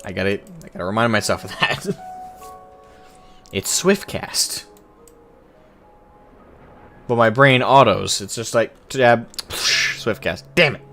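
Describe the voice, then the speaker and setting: A male streamer talking casually through a game session. He mutters and jokes at himself and answers viewers in an easygoing way. His voice is bright and animated, and faint music plays behind him. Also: fairly low pitch, slow pace, long pauses. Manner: laid-back, self-mocking, chatting to viewers. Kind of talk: casual gameplay commentary.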